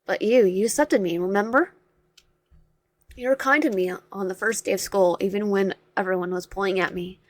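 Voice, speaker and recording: A woman's voice: medium pitch, no echo, natural voice. Woman voicing a shy, troubled teen boy. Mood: pleading. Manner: halting, stumbling over words. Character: shy, troubled teenage boy, soft-spoken.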